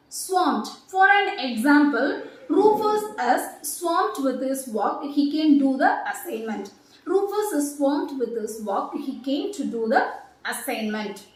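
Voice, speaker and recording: A woman with a high voice gives an English vocabulary lesson at an unhurried pace. She says each word and example twice. Her voice rings around a very echoey room. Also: darkish tone, far from the mic. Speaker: English teacher.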